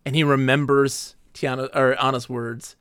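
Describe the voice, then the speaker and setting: A man co-hosting a podcast, retelling a book's plot in casual chat, jumping into quick character voices. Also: medium pitch, little pitch movement, fairly bright tone, smooth, dry recording, clean studio sound. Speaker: podcast co-host.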